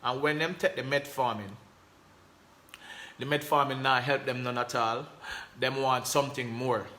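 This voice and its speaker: A man's voice: medium pitch, fairly even intonation, normal speed, bright, forceful tone. A man with a Jamaican accent hosting a casual live stream, talking emphatically in patois phrasing and reading out viewer comments. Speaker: host.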